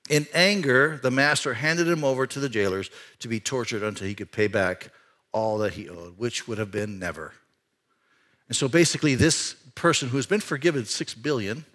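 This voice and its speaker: A man pastor giving a conversational sermon in a church, swinging between excited rises and quiet, hushed stretches. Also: medium pitch. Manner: animated, conversational preaching with sudden rises and hushed drops. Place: church sanctuary.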